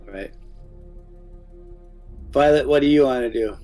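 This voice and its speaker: A man narrating as game master in a relaxed, chuckling, rambling manner. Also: medium pitch, a little slow, faint music behind.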